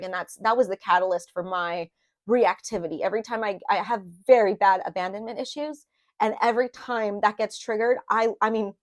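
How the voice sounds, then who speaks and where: A woman giving a casual spoken tarot reading, rambling and confiding, with many fillers and restarts, openly emotional as she talks about her own feelings. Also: medium pitch. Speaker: tarot reader.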